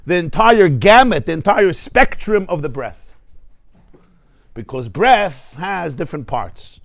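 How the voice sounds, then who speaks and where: A rabbi delivers a spirited Torah class, his voice sitting a bit high for a man and captured dry and close. He jumps between Hebrew terms and folksy stories, pressing his points with humor. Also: lively intonation, slow pace, vocal fry, no room sound. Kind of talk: lively Torah class lecture. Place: study hall class before a live audience.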